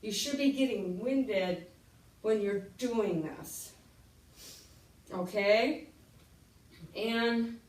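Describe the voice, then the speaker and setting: Slow-talking woman instructor, a bit winded. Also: mid-range voice, far from the mic. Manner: slow, instructive, counting out moves. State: getting winded. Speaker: fitness instructor. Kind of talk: exercise demonstration. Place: room while exercising. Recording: echoey room, away from the mic.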